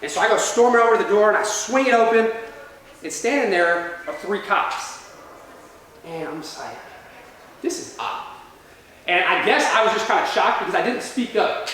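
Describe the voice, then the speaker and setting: A man's voice: high voice, fairly quick, bright, forceful tone, slight background noise. A man giving a motivational talk to students in a large university lecture room, telling a story and often checking in with the crowd. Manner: storytelling, keeps checking in with "all right?". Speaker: motivational speaker. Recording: echoey hall from far off.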